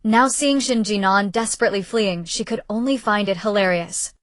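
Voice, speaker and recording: A woman's voice: medium pitch, moderate pace, hardly any pauses, no echo. Woman narrating a novel, dry close sound. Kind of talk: audiobook narration.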